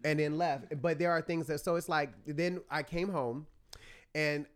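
A young man in casual chat as a podcast guest, an animated storyteller who acts out his family's voices. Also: fairly high pitch, a little slow, clean tone.

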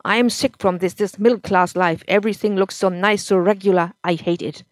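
A woman reading as a drunken, angry husband in a storybook reading, loud, harsh and bitter. The sound is dry and close, with a mid-pitched delivery that has no room echo. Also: steady tone, a little fast, close to an everyday voice. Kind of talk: audiobook-style story reading.

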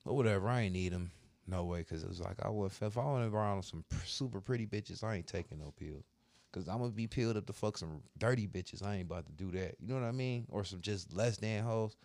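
A man's voice: on the low side, a little fast, darkish tone, dry recording. A man who works as a barber and co-hosts a podcast, telling crude, heated stories about arguments in a blunt, profane, casual way. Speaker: podcast co-host.

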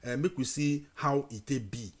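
A man's voice: mid-range voice, normal speed. A man with a Nigerian accent, hosting a casual chat and mixing English with Pidgin, with many fillers and restarts. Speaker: host.

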